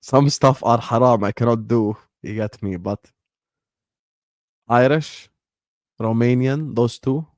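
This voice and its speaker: Speaking slowly with frequent pauses, a young man with a darkish, mid-range voice chats casually on his livestream, rambling in slang and dropping short Arabic phrases. The audio is clean studio sound with no echo.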